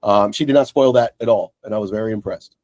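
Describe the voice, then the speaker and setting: A man's voice: lowish voice, quick pace, no echo, lo-fi sound. A man co-hosting a casual podcast, telling stories with lots of swearing and acted-out quotes. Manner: animated storyteller, swears freely. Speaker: podcast co-host. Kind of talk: casual chat.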